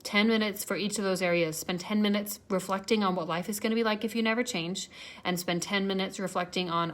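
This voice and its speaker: A woman's voice: mid-range voice, fairly even intonation, a little fast. A woman coaching a fitness challenge group, giving a chatty, encouraging motivational talk to camera and repeating phrases for emphasis. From Arizona.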